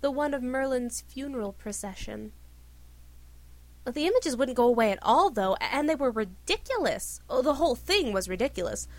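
A woman reading a story aloud with expressive narration. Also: high-pitched, moderate pace, no room sound. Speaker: reader. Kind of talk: reading fan fiction aloud.

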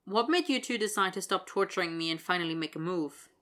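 A man's voice: high voice, quick pace, pushed and bright. A woman voicing a tired, dry-humored young college man. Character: weary, fond young college guy.

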